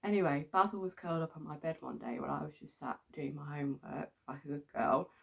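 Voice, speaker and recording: Here the English vlogger, middle-aged, sounds husky and low-pitched, with vocal fry and a fast way of talking. She chats casually through rambling stories, laughing a lot and saying um often.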